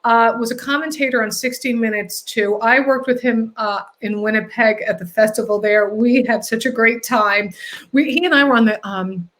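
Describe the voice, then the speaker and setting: A woman hosting a casual interview, telling stories in a lively way and acting out what people said. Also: a little high, moderate pace. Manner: animated storyteller, acts out quotes. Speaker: host.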